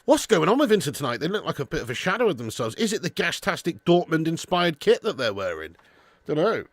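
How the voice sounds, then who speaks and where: Chatty matey watch-along host, dry mic. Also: male voice, a little high, very animated, fast talker, no echo. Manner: chatty, banters with chat, calls viewers mate and lad. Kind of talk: casual live-stream chat.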